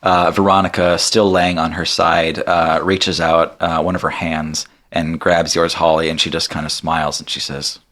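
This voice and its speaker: A man narrating a tabletop game as game master, animated and laughing through the story. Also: low-pitched, normal speed, few pauses.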